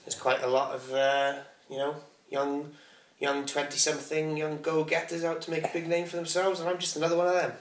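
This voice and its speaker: A young adult man with a Welsh accent, bantering on a comedy podcast in a dry, deadpan way. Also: fairly high pitch, brisk, few pauses. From Northwest Wales. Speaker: podcast co-host. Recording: echoey room, off-mic.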